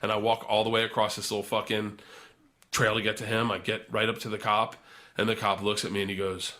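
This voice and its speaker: A man telling a wild story in casual chat, cursing freely and restarting his sentences. His lowish voice has a forceful, bright edge. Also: monotone, fairly quick. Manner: profane, rambling anecdotes with lots of restarts. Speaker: podcast guest.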